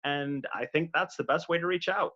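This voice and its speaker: A young man speaks as a guest in a casual chat, upbeat and affectionate. His voice is bright and a little high. It comes through a dull, lo-fi video call line. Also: normal speed.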